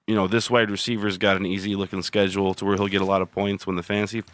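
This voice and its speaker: A man's voice: fairly low pitch, little pitch movement, very fast, a bit bright. A man co-hosting a podcast, chatting casually about fantasy football and baseball, rambling and swearing freely with easy laughs. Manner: rambling, profane, laughs easily. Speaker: podcast co-host. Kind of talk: casual chat.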